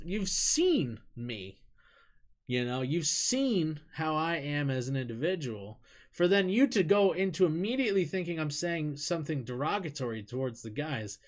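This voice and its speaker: Reading chat on a live stream, this American-accented adult rambles candidly, cursing freely and laughing a lot. Their voice sits at a medium pitch.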